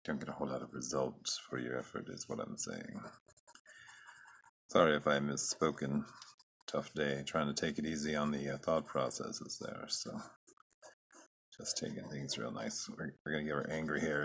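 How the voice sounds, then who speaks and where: A man's voice: extremely low pitch, expressive, moderate pace, creaky, husky. A man chatting casually as he draws, rambling and musing to himself with joking, self-deprecating asides. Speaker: artist drawing on camera. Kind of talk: casual drawing commentary.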